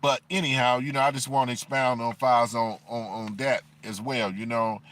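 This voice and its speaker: A man's voice: medium pitch, steady tone, normal speed, fairly bright tone. Rambling, profane man. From Chicago, USA. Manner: rambling, profane, constant "you know what I'm saying" fillers. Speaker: livestream commentator. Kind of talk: unscripted livestream rant.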